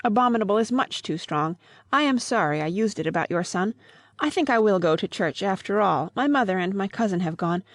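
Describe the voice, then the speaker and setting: A woman's voice: mid-range voice, lively intonation, brisk, close to an everyday voice. A woman voicing a flustered, proper young lady in an audiobook, exclaiming in a raised voice. The sound is dry and close, with no room echo. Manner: agitated, exclaiming. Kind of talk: audiobook reading.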